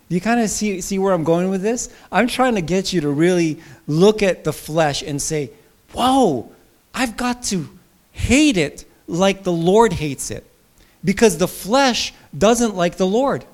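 A male pastor preaching a sermon with emphasis, rising to loud, high bursts and dropping to soft asides.

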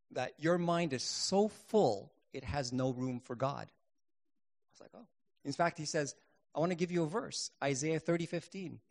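Earnest man preaching a testimony sermon. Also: on the high side. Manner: earnest, rises to emphatic bursts then drops quiet.

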